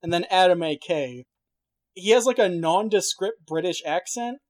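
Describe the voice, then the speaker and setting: A man's voice: high-pitched, animated, normal speed, dry recording. A man chatting casually as a podcast co-host, rambling and cursing with lots of fillers and restarts. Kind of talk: casual chat.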